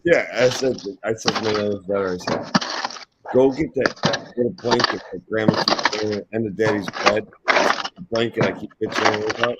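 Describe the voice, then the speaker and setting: A man's voice: fairly low pitch, fairly even intonation, normal speed, very noisy. A middle-aged man hosting a casual live stream, telling rambling stories in a blunt, profane way. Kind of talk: casual chat.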